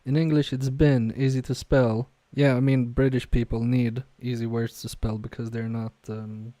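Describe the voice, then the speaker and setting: A man's voice: mid-range voice, flat delivery, moderate pace, warm tone, no room sound. A man casually live-streaming a repair from his home workbench, reading viewer chat aloud and muttering to himself with self-mocking humor.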